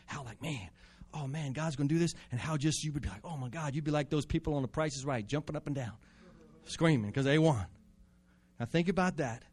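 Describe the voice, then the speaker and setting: A man preaching a sermon, climbing to loud, fervent peaks and then dropping back to quiet, conversational talk. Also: medium pitch.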